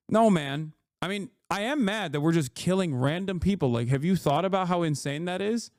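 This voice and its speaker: A man's voice: moderate pace, dry recording, clean studio sound. A man streaming live and reacting to the news in an angry, profane, lecturing rant. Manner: angry, profane and lecturing, voice rising high when heated.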